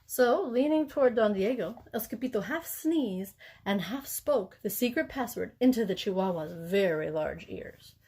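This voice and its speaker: A woman teacher reading a picture book aloud in an expressive, playful way. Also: medium pitch, normal speed, few pauses, breathy edge. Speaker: elementary school teacher.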